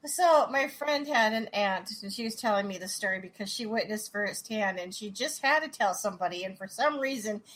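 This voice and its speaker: A woman's voice: medium pitch, lively intonation, fairly quick, few pauses, a bit bright, rough recording. A woman co-hosting a radio show, chatting casually and telling stories with frequent laughter. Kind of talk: casual chat, storytelling.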